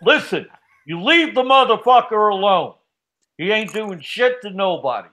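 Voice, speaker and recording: A man hosts and angrily scolds a caller in a profane voice. His pitch runs fairly high and swings widely. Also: expressive, moderate pace, pushed and bright. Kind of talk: heated argument.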